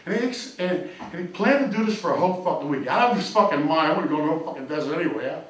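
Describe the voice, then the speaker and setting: A man's voice: fairly high pitch, animated, rapid-fire, a loud crowd. A man doing crude, punchy stand-up comedy on a club stage. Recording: echoey club from far off. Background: audience laughing.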